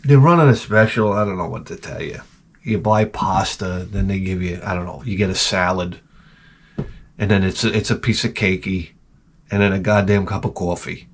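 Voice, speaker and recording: A man's voice: low-pitched, fairly even intonation, moderate pace, slight background noise. A man in his forties telling rambling, profane comic anecdotes in casual chat as a podcast host.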